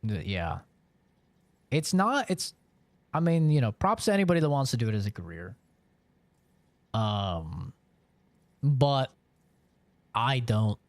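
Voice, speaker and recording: Man, live streamer, casual rambling chat, filler-heavy, mid pitch, dry close sound. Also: big pitch swings, slow pace, pauses often, dry recording.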